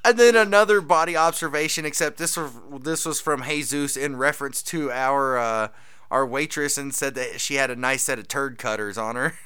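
A man's voice: medium pitch, moderate pace, bright, forceful tone, clear, resonant tone. A man co-hosting a podcast, chatting casually in a laid-back way and laughing often. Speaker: podcast co-host. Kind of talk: casual banter.

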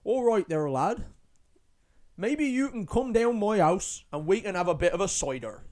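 A man's voice: high-pitched, animated, normal speed, darkish tone, voice pushed up. A man putting on a jolly West Country farmer. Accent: West Country English.

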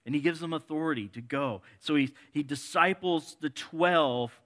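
A man preaching a sermon in a conversational way, moving between soft and emphatic delivery and reading scripture passages aloud. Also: a little high, moderate pace.

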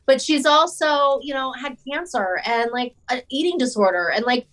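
A woman's voice: sits high, normal speed, fairly bright tone, low-quality recording. A woman actress chatting as an interview guest, talking in loose, chatty sentences full of fillers and restarts. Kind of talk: casual interview chat.

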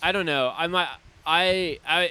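A man's voice: fairly high pitch, measured pace, sharp tone, smooth. A man co-hosting a film podcast, chatting casually and often stammering and restarting his sentences. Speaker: podcast co-host. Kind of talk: casual chat.

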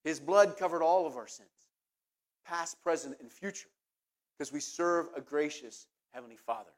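A man's voice: a little high, expressive, normal speed. A middle-aged man preaching a sermon, earnest, often repeating words as he searches for what to say next. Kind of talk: sermon with personal anecdote.

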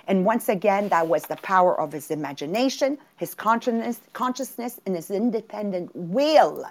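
A woman co-hosting a motivational podcast, telling stories in an animated way and often repeating words, with French as her first language. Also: mid-range voice, moderate pace. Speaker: podcast co-host. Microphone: remote call.

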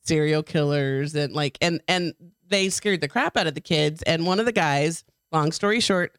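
A woman's voice: deep voice, normal speed, smooth, no echo, studio quality. A woman co-hosting a casual drinking podcast, telling stories in a chatty, teasing way and swearing freely. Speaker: podcast co-host. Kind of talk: casual bar-talk podcast chat.

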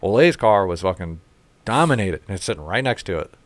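A man with a lowish voice speaks briskly, with no echo. He tells stories in casual conversation, swearing freely and acting out what other people said in animated, profane storytelling with quoted voices.

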